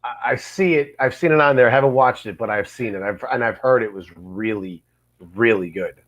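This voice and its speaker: A man's voice: medium pitch, a little fast, a bit bright. A man talking casually as a guest on a podcast, blunt and laid-back, swearing now and then.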